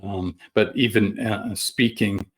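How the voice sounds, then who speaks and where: A middle-aged man presenting a webinar over a video call, folksy and halting, with many fillers and restarts. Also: lowish voice, fairly even intonation. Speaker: guest sales trainer.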